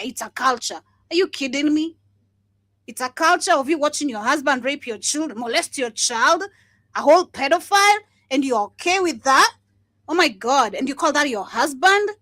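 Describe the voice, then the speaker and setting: Blunt, high-voiced woman ranting. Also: animated, normal speed, fairly bright tone, no echo. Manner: blunt and swearing, with frequent laughs. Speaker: livestream host. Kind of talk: impassioned commentary.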